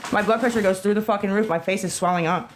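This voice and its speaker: A woman's voice: mid-range voice, fast, crowd noise, poor audio. A woman livestreaming on her phone, ranting in an agitated, profane way and rambling between topics. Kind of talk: rambling live-stream talk.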